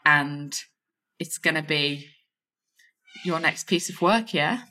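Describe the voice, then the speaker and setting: A woman's voice: deep voice, takes it slowly. A woman hosting a podcast as a confidence coach, speaking in an affirming, encouraging way. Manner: warm, affirming coaching talk. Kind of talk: casual chat.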